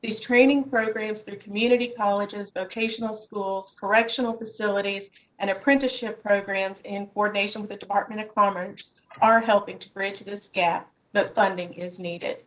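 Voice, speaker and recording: A woman testifying remotely at a Senate hearing from her office, reading a prepared statement in a measured way over a video call. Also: mid-range voice, fairly even intonation, low-quality recording.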